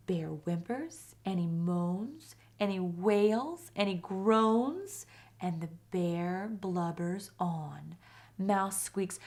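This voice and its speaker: A woman volunteer reading a children's picture book aloud, slowing down for the repeated refrain. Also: on the low side. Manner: expressive storytelling, slows on the refrain. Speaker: volunteer reader.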